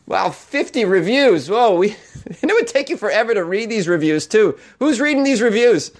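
A man with a fairly high voice hosts a comedy news show. He reads odd stories aloud, then breaks off into jokes and laughter. His delivery is casual and playful throughout. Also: expressive, normal speed. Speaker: comedy news podcast host.

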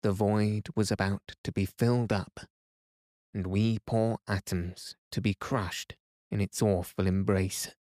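A man narrates a sleep story in an even, soothing voice, taking his time over every sentence. His voice sits a little low. The recording is dry and close. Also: no echo. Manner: slow, soothing, even reading. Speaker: bedtime story reader.

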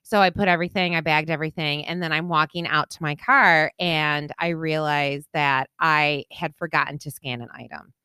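A woman co-hosting a casual podcast chat, wry and laid-back, dropping in quick reactions. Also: low voice, steady tone, sharp tone, clean tone, no echo. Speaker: podcast co-host.

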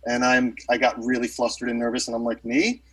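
A man's voice: medium pitch, completely flat delivery, quick pace, husky, far from the mic, low-quality recording. A man, a musician, telling a rambling story in casual chat with lots of fillers and restarts.

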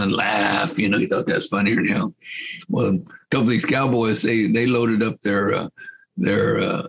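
An older man spins long, folksy stories, laughing as he goes. His low voice is gravelly and husky. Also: poor audio. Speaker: guest. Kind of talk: rambling anecdotal storytelling.

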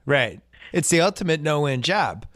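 A man's voice: fairly high pitch, very animated, normal speed, a bit bright, no room sound, studio quality. A man hosting a casual podcast chat, talking in a chatty, wry way. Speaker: podcast host.

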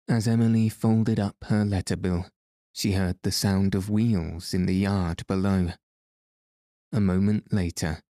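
A man reads a novel aloud in a calm, measured way. His voice is low and mellow, and his pace is slow. The recording is dry and close. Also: dry recording. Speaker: audiobook narrator. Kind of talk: scripted narration of a novel.

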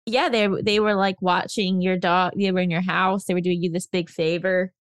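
A woman's voice: fairly low pitch, fairly even intonation, normal speed, clear, resonant tone, no room sound, clean studio sound. A woman co-hosting a podcast in casual chat, reading out a listener question and running the segment. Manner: upbeat, runs the segments, reads listener questions. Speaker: podcast co-host.

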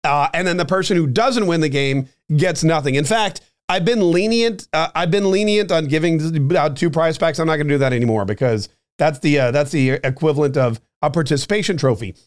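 A man's voice: fairly high pitch, a little fast, hardly any pauses. A man hosting a podcast, talking casually in a rambling monologue full of fillers and restarts. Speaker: podcast and radio host.

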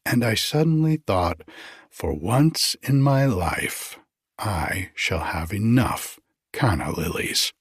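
A man doing a calm, indulgent society mother. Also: lowish voice, takes it slowly, slightly rough, no echo, clean studio sound, heavily acted. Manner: calm, gently amused.

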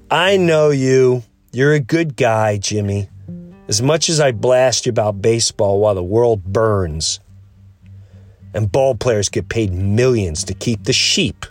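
In a relaxed, meandering podcast monologue, a male host talks earnestly and mimics the people he's quoting. His voice is mid-range with a somewhat dark tone.

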